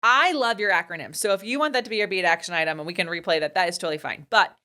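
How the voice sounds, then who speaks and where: A woman's voice: fairly low pitch, rapid-fire, bright, forceful tone. A woman hosting a podcast, chatting casually in a bubbly, talkative way and laughing often. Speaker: podcast host. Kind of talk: casual interview chat.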